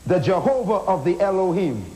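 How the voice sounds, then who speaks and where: A man's voice: high-pitched, expressive, a little fast, warm tone, a little hiss or hum, rough recording. A man preaching a sermon in an auditorium, emphatic, asking rhetorical questions and calling the crowd to respond.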